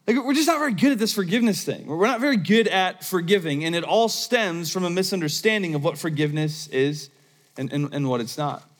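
Pastor preaching in a reverberant hall. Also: male voice, high-pitched, animated, fast. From United States. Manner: conversational, storytelling with frequent restarts. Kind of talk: sermon. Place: church auditorium. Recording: long reverb of a church hall.

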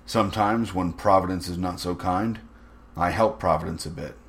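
A man voicing a suave, cruel aristocratic general with smooth, mocking menace. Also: sits low, steady tone, moderate pace, a bit bright.

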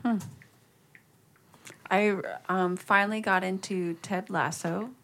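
A woman chatting casually with friends, easygoing and teasing, quick to laugh. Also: medium pitch, fairly even intonation, a bit bright. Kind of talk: casual chat.

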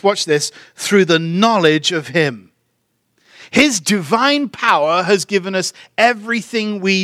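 A man's voice: a little high, fairly bright tone, no echo, studio quality. A man preaching a sermon as pastor, leading the congregation in call and response. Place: church sanctuary.

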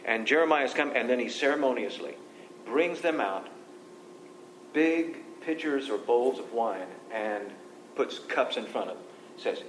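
Speaking a little slowly with lively intonation, a man reads scripture to a Bible study group and explains it in a chatty manner. A faint low rumble sits beneath the echo of the room.

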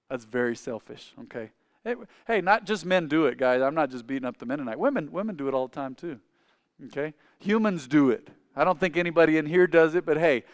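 Man preaching, emphatic then hushed. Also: mid-range voice, no echo, studio quality. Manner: conversational, asks the congregation questions; swings between loud emphatic and quiet asides. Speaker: pastor. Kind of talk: sermon.

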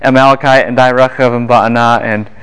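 A man giving a Bible lecture to a class, animated and quick to fire questions at his students. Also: on the high side.

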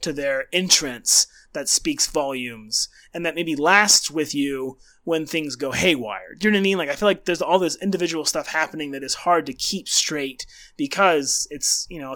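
Bright-voiced man, eager and searching. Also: a little high, moderate pace, hardly any pauses. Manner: enthusiastic, searching for words with many restarts. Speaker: podcast co-host. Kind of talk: casual book discussion.

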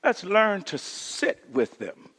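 A male pastor preaches with a high, bright, ringing voice, taking his time and leaning on each phrase. He calls the congregation to answer back and sinks to a near whisper for emphasis. His words echo with a long reverb through a large hall. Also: very animated, slow, husky. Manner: call-and-response preaching, drops to a hush for emphasis. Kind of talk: sermon.

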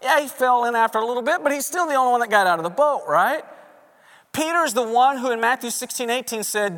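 Animated guy preaching a sermon, acts out the quotes, big hall echo, pretty high voice. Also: a little fast. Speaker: pastor. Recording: reverberant hall.

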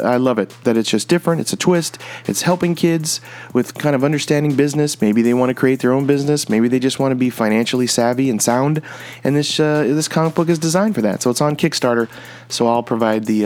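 A man of middle age talks casually on his own show. His voice sits at an ordinary pitch, and he is eager and upbeat, stumbling over fillers and restarting his sentences. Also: brisk, darkish tone. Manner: chatty, enthusiastic, many fillers and restarts. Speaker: podcast host. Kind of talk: casual solo commentary.

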